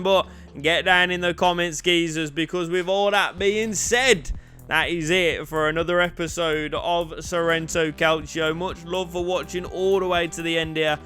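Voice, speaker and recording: Young gaming host, high sharp voice, shouts goals and curses at the ref. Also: male voice. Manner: excitable, shouts at goals, swears at the referee. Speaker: gaming YouTuber. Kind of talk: commentating his own football game.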